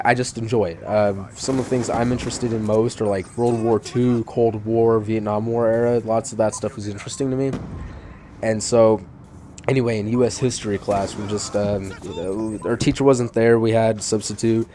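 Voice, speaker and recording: A man's voice: fairly low pitch, steady tone, normal speed, warm tone, slight background noise. A teenage boy giving casual gameplay commentary, rambling through fillers and restarts with an irritated edge. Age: teens. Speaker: channel host.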